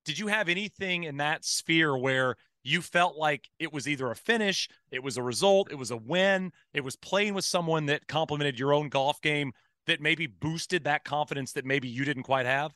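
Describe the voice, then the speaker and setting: Bright-voiced male podcast host. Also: fairly high pitch, normal speed, dry recording, clean studio sound. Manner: thoughtful, rambling questions. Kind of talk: casual podcast interview.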